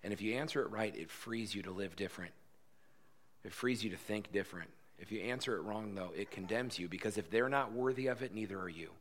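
A man preaching a sermon in church, earnest and repeating his key phrases, growing loud and lively when he jokes with the congregation. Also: lowish voice, a little fast. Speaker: pastor.

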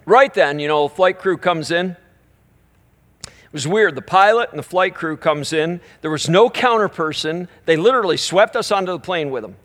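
A middle-aged male minister gives a storytelling sermon at a live church weekend. His voice sits somewhat high for a man. He tells the story with animated energy and softens into slow, hushed prayer.

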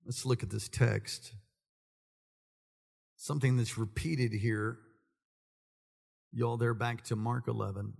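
A man preaching a sermon to his congregation, swinging between calm teaching, humorous asides and loud, high-pitched passionate preaching. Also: takes it slowly, creaky, pauses often, breathy edge, in a large hall. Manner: builds to loud, high-pitched preaching, then drops low and conversational. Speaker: pastor. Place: church sanctuary with congregation.

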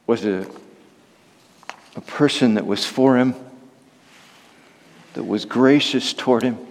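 A man's voice: a little mellow, in a large hall. A man, a pastor, preaching a sermon and reading long quotations aloud. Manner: reads long quotations aloud, rising high for voiced prayers.

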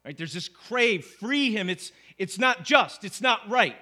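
A man with a high, bright voice delivers a sermon in a relaxed, conversational way. He keeps asking his listeners "right?" as he goes. It sounds like a pastor in a church. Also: a little slow. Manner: conversational, asks the congregation "right?".

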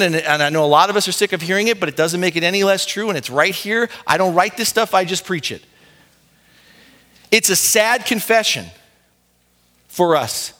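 High-voiced preaching man. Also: pushed and bright. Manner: impassioned preaching, rising and falling intensity; direct address to congregation as "beloved". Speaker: pastor. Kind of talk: sermon.

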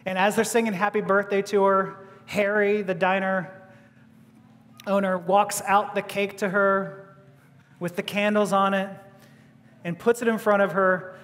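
A man with a high voice tells a story in a sermon, acting out each person's lines and stumbling into restarts. The sound carries the long reverb of a large hall. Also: a little slow, long pauses. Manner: animated, acting out quotes, stammering restarts. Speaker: preacher.

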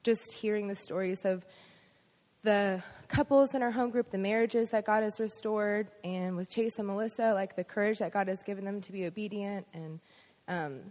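A woman speaks softly and reflectively during a church sharing time. Her voice sits at an ordinary pitch and rings with a long reverb from the hall. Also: steady tone, normal speed. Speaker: congregation member.

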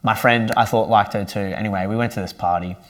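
A young man with a somewhat low voice tells his faith story in an earnest, easygoing way. He speaks casually and warmly about his own experiences, like a member sharing his testimony with his church. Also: fairly even intonation, fast. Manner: earnest and conversational.

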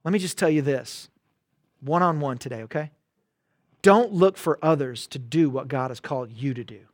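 A man preaching a conversational sermon, swinging between loud emphatic bursts and quiet asides. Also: mid-range voice, normal speed, no room sound. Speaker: pastor.

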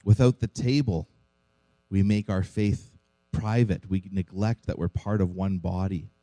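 Casting: male pastor, earnest sermon delivery, low voice, very warm and mellow tone. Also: little pitch movement, measured pace, dry recording, rough recording. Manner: earnest preaching with rhetorical questions.

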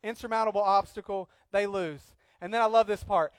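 A man preaching a sermon as pastor, swinging from loud acted outbursts to quiet earnest talk. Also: high-pitched, fairly even intonation, fairly quick, clean tone, no echo.

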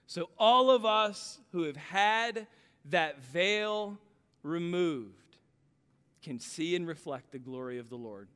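Man preaching, high voice, storytelling, long hall reverb, passionate. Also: animated, slow pace, clear, resonant tone. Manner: passionate, storytelling, building to loud climaxes. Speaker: pastor. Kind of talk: sermon.

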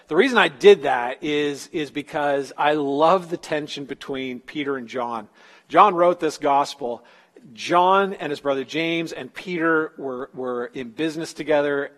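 A man's voice: a little high, in a large hall. A man preaching a sermon in a casual storytelling way, acting out the quotes in everyday slang. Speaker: pastor.

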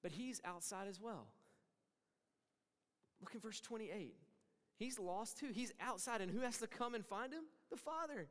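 High-voiced male pastor preaching in a reverberant hall. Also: lively intonation, unhurried, long pauses. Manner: swings from hushed to emphatic, acts out quoted voices. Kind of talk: sermon.

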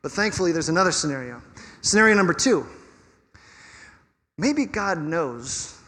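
A pastor preaching a sermon in an animated, conversational way with touches of humor. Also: male voice, on the high side, normal speed, big-room sound.

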